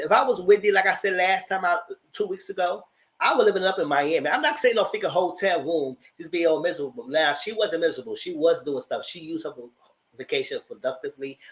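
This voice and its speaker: A man's voice: on the high side, lively intonation, quick pace, a bit bright. A man giving a casual, sassy live review of reality TV, slangy and acting out the cast's lines as he goes. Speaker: TV reality show commentator.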